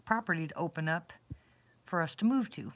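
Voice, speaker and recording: Chatty woman host, slightly low voice. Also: lively intonation, brisk, a bit bright. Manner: chatty storyteller, laughs easily, religious, grateful. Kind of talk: casual chat.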